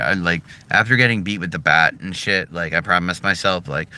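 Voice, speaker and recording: Middle-aged American man, low and bright-edged, blunt and profane, casual vlog chat outdoors. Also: expressive, fairly quick. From United States. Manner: blunt, profane, swings between heated and subdued. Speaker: vlogger. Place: his driveway.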